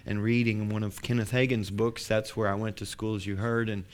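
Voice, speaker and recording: A man's voice: on the low side, little pitch movement, fairly quick. A man preaching a sermon as pastor, building to emphatic declarations.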